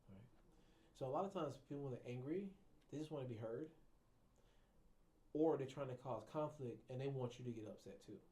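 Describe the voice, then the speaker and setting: A man's voice: mid-range voice, brisk, mellow. A man who works as a clinician, teaching trainees how to interview patients in an informal, colloquial, conversational lecture.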